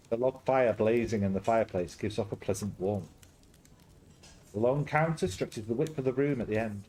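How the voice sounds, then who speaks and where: Man narrating a story game with a lively voice. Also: mid-range voice, rough recording. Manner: steady first-person narration with quick wry asides. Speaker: game streamer. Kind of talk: reading a narrative game aloud with asides.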